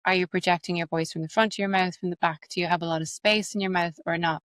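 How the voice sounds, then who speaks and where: A woman with an Irish accent, an accent coach and actress, explaining her methods quickly and animatedly in an interview. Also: lowish voice, no echo. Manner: fast, animated, explains with examples.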